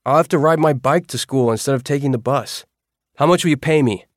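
A man voicing an impatient, blunt teenage boy in an audiobook, teasing and quick to swear. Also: medium pitch, no room sound, clean studio sound, voice pushed up, natural voice.

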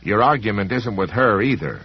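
A man voicing a defiant grown man who talks bluntly and stands his ground, with a husky voice. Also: on the low side, lively intonation, moderate pace. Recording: dull lo-fi recording.

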